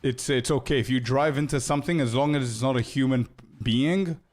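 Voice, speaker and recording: A man's voice: medium pitch, fairly quick, a little mellow. A man streaming a game, chatting casually with viewers in a laid-back, slangy way and laughing often.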